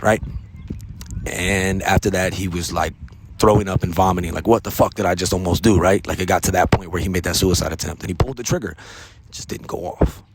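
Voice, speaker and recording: Earnest deep-voiced American man. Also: a little hiss or hum. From United States. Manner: earnest, repetitive, peppered with "man" and "right?". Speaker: podcast host. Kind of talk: casual monologue on resilience.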